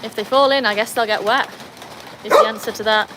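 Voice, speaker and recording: Here the British host sounds fairly high-pitched and a little fast, her intonation fairly even, with heavy background noise around her. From a covered veranda with a tin roof during rain, she runs a casual livestream, chatting to viewers, reading their comments and encouraging her dogs along.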